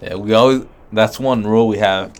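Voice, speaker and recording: A man's voice: on the low side, fairly quick, slight background noise. A young man co-hosting a casual podcast, joking along and hyping up his partner. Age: young adult. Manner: joking, hypes up his co-host. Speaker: podcast co-host. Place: Southern California.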